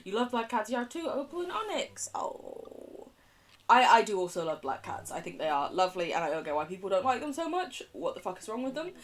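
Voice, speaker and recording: A woman streaming a video game, chatty and quick, swearing freely and laughing often as she reacts and reads aloud. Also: medium pitch, very animated, slight background noise. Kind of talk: live-stream game commentary.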